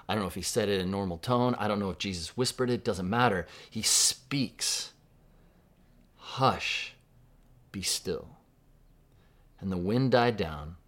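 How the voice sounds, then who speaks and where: Low-voiced man preaching conversationally. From Southern California. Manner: conversational, reflective, with dramatic hushed quotes. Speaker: pastor. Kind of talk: sermon.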